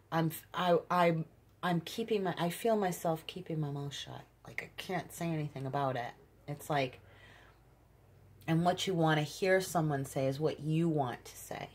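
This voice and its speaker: Low, husky-voiced woman; earnest, emphatic tarot reader who pauses to find her words. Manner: earnest and emphatic, searching for words mid-sentence. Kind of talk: intuitive tarot reading for viewers.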